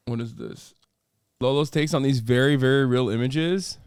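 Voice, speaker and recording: A man's voice: medium pitch, a little slow, darkish tone. A man hosting a stream, giving casual political commentary in a heated, profane way. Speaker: streamer host.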